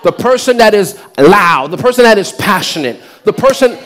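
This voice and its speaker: A man with a high voice preaches a sermon to his church. He calls out questions to the crowd and climbs into loud, shouted lines. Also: animated, moderate pace. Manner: preaching with rising shouts and call-and-response. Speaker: pastor.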